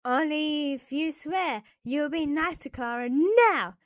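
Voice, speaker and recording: A woman voicing a stern masked kidnapper man in an animated story, giving firm, threatening ultimatums. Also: high voice, slow.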